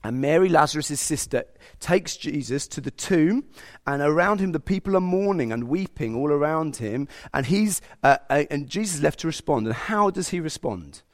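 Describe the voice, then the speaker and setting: A man preaching a sermon, animated and sometimes speaking God's thoughts aloud. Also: fairly high pitch, moderate pace. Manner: animated, acts out God's inner voice.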